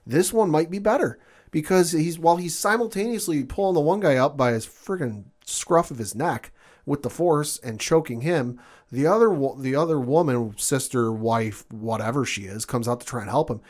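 A man co-hosting a casual podcast chat, retelling a TV episode with lively acted-out lines. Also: fairly high pitch. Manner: animated, acts out characters' lines in quick voices. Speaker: podcast co-host.

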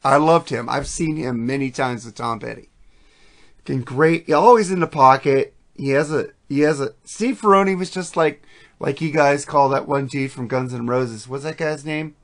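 Speaking at normal speed in a medium pitch, a male podcast host chats casually about music. His talk about songs is enthusiastic, profane and meandering.

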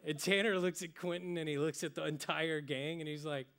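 A young adult male pastor preaching a sermon, telling stories and dropping to a soft, hushed voice for emphasis. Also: a little high, fairly even intonation, fairly quick, clear, resonant tone. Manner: storytelling, with sudden drops to soft, hushed emphasis.

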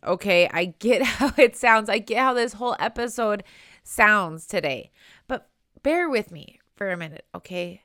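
A woman's voice: a little high, fairly bright tone, dry recording. Young woman host, earnest chatty monologue, close and dry recording. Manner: earnest and chatty, with many likes and rights. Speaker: podcast host. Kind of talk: personal podcast monologue.

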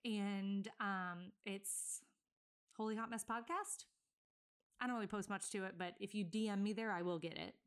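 A woman in her thirties hosts a casual solo podcast, rambling and correcting herself as she goes. She sounds a bit winded, and her pitch sits in a middle range. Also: fairly even intonation, normal speed, clean tone. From Virginia, USA. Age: 30s. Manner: chatty and rambling, many fillers and self-corrections. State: a bit out of breath. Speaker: podcast host.

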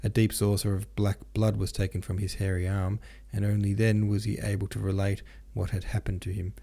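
Low, mellow male audiobook narrator. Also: flat delivery, a little fast, vocal fry. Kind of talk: audiobook reading of a classic novel.

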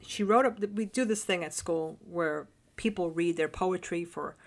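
Soft-spoken woman telling a story. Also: lowish voice, moderate pace. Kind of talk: casual chat, storytelling.

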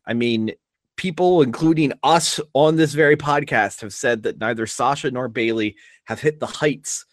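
A man co-hosting a casual wrestling podcast, talking with wry, lively banter and some swearing. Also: medium pitch, normal speed, no echo. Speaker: podcast co-host.

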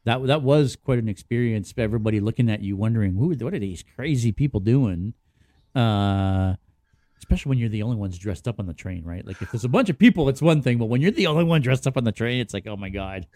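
A Canadian man co-hosting a podcast in casual chat, rambling quickly through lists. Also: mid-range voice, a little mellow, dry recording, clean studio sound. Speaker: podcast co-host.

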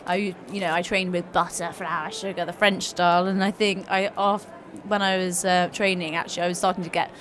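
A woman founder answering interview questions, friendly and a bit halting, at a trade show. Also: lowish voice, little pitch movement, fairly bright tone, a little hiss or hum. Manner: friendly, halting with fillers, laughs easily. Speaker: guest, small food business founder.

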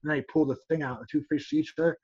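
A man's voice: fairly high pitch, steady tone, rapid-fire, a little mellow, husky, lo-fi sound. A man, a former fighter, telling rambling stories as a podcast guest, stumbling and restarting often and acting out other people's lines. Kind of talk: casual storytelling.

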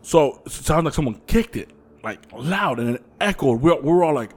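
A man tells a spooky story to his podcast co-hosts in a loose, casual chat. His voice sits a little high and swings widely up and down as he acts out moments. The talk is profane, animated and full of laughter. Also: moderate pace, slightly rough. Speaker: podcast co-host.

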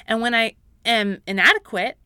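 A woman's voice: a little high, normal speed, pushed and bright, clear, resonant tone, no room sound. A woman hosting a faith-based parenting podcast, speaking earnestly and encouragingly, at times rising to fervent emphasis. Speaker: podcast host.

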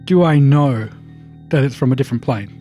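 A man's voice: mid-range voice, normal speed, dark tone, soft background music. A man playing a tabletop game, insistent as he argues the rules with the game master. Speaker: player.

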